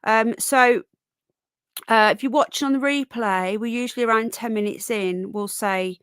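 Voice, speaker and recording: A woman's voice: a little high, normal speed, clear, resonant tone, dry recording. Chatty woman hosting a livestream. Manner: chatty, rambling, warm greetings to chat. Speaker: livestream podcast host. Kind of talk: casual livestream chat, greeting viewers. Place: bedroom, sitting on her bed. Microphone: own microphone on camera setup.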